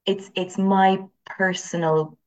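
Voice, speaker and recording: A woman with an Irish accent, a teacher speaking as an interview guest and telling animated stories from her classes. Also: medium pitch, slow, slight background noise. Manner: animated storyteller, acts out voices. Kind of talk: conversational interview.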